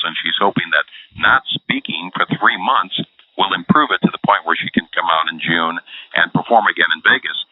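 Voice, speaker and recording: A man's voice: low voice, no echo. Man coaching over a phone-like line. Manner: explanatory, coaching. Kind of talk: instructional interview.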